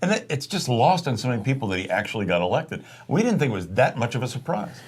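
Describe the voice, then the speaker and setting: A man's voice: medium pitch, fast, breathy edge. A man co-hosting a casual political talk show, steadily setting up topics and answering his partner with short agreements. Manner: steady, conversational, leads topics with brief agreements. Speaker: co-host.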